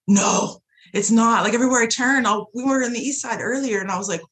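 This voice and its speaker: A woman guest telling personal stories in a casual chat, lively and swearing freely. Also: fairly high pitch, brisk. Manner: animated, profane, swears freely. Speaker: guest, shop owner.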